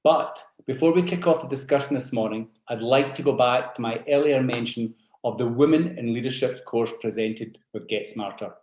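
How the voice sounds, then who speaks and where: South african scottish guy opening a webinar, polite and measured, bit of room echo. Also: mid-range voice, darkish tone. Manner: measured, courteous announcements. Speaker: event host.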